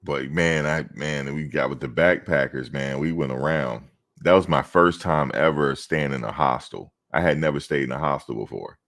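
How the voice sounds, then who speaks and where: At normal speed, a man with an extremely low pitch and a fairly bright tone talks casually on a livestream. He's a reaction streamer who rambles through loose stories and speaks directly to chat.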